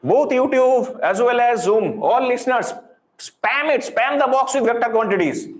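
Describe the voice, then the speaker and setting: A man's voice: very high voice, animated, moderate pace. A man with an Indian English accent teaching physics in a live online class, encouraging and full of repeated praise, dropping into Hindi. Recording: roomy echo.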